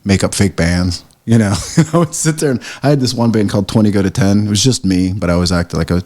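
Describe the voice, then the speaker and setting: Animated low-voiced man telling stories. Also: fast talker. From United States. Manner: animated storyteller, acts out quotes with swearing. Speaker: podcast guest, print shop owner. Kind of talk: casual conversation.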